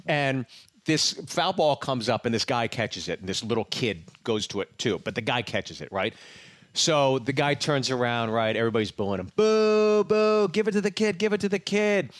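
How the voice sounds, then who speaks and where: A comedian from Pittsburgh in his forties, telling lively sports stories in a casual chat. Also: medium pitch, no room sound, studio quality. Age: 40s. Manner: lively anecdotes, acts out crowd chants. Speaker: comedian guest.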